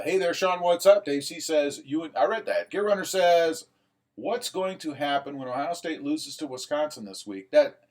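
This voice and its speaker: A middle-aged man hosts a relaxed live chat, reading comments aloud and joking back at his viewers. His voice sits a little high for a man, and it comes through the thin pickup of a laptop microphone. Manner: rambling and joking, reads chat aloud and answers. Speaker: livestream host.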